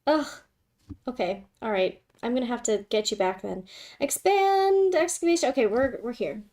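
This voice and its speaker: A woman's voice: on the high side, lively intonation, normal speed, darkish tone. A young woman hosting a livestream, chatting with her viewers in a giggly, dramatic, playfully scolding way. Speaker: livestream host. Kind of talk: casual livestream chat with viewers.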